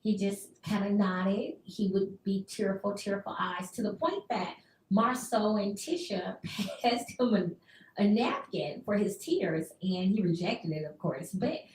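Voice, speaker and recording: A woman radio host giving a chatty, expressive recap that she acts out with quick bits of dialogue. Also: medium pitch, echoey room, distant mic, slight background noise, rough recording.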